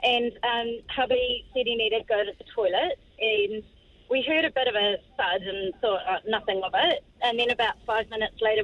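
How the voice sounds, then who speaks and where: A New woman calling in to a radio show, her voice a touch high as she tells her story in a matter-of-fact way. She chuckles at herself now and then. The call comes through a dull, muffled phone line. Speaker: radio caller.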